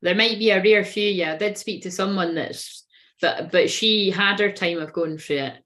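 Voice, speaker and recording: A woman's voice: mid-range voice, moderate pace, a bit bright. A woman running a casual live tarot reading. She talks in a rambling, sweary way and often breaks into giggles. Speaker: tarot reader.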